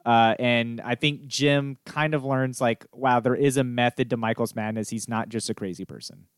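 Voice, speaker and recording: Smooth-voiced man, chuckling as he chats. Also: medium pitch, fairly even intonation, normal speed, dry recording, studio quality. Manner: chuckling, friendly explaining. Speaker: podcast co-host. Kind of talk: casual chat.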